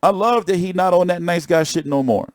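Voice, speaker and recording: A young man chatting casually on a stream about boxing, excitable and profane, often repeating himself. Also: high-pitched, brisk, dry recording, clean studio sound. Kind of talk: casual live-stream chat.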